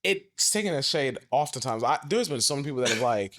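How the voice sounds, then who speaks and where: Animated man with a lively, swooping voice. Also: quick pace, hardly any pauses. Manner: animated, jumps to high mock voices. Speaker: podcast co-host. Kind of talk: casual chat.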